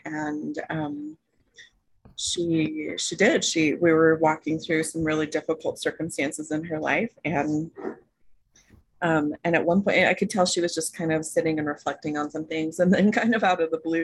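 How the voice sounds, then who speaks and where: A woman's voice: deep voice, moderate pace, gravelly, slightly rough, poor audio. A woman coaching student sharing a story from a session on a group call, thoughtful and casual. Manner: thoughtful storytelling, laughs softly.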